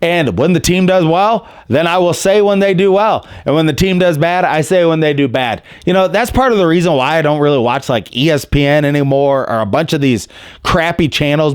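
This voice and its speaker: Candid, rambling male podcast host; smooth, slightly high voice, dry close sound. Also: dry recording. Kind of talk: casual opinionated chat.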